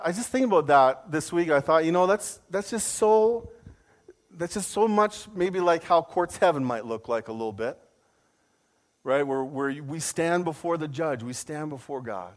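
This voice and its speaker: A pastor tells a personal story during his sermon with self-deprecating humor, jumping into a high voice to mimic his own outrage. His delivery is unhurried.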